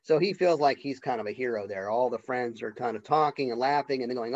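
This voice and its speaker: With a mid-range voice, a male college literature professor lectures casually to his class, keeping things conversational and rattling off characters' lines in quick voices. It's a dull lo-fi lecture recording.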